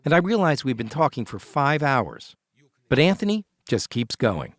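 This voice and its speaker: A man narrating a documentary podcast as host in a measured, scripted storytelling voice. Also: mid-range voice, sing-song.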